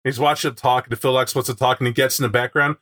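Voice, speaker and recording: A man chatting casually about a tabletop game, animated and acting out scenes with sound effects. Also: mid-range voice, rapid-fire.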